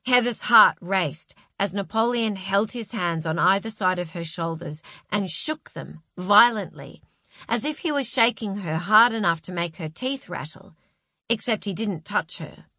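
Reading scripted audiobook narration, this woman narrator speaks slowly with a bright, medium-pitched voice. Her delivery is measured and even, captured in a dry, clean studio recording.

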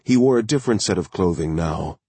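Male thriller narrator, very low, husky, steady, dry booth sound. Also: brisk, no echo. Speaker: audiobook narrator.

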